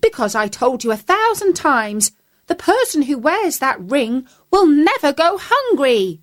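A woman voicing a distressed, hungry housewife who scolds in a shrill, high-pitched voice. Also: very animated, a little slow. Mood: scolding.

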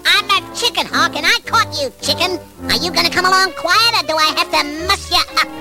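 A woman's voice: very high voice, fairly quick, music in the background. A woman voicing a tiny, eager boy chicken hawk in a classic cartoon, brash and cocky.

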